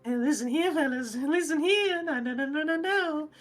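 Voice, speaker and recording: A woman's voice: high voice, moderate pace, pitched above the performer's own voice, natural voice. A woman voicing a nervous male goblin who pleads and wheedles in a salesman's patter. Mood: wheedling.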